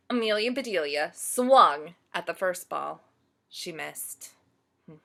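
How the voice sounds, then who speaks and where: A woman storyteller reading a picture book aloud to children, pausing to ask them questions. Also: on the low side, creaky. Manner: slow, animated, asks listeners questions.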